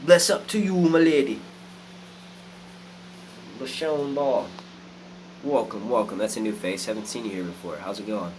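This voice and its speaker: A man hosting a casual live stream, animated and swearing a lot as he reads out chat comments. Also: on the low side, moderate pace, pauses often, background noise. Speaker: youtube live stream host.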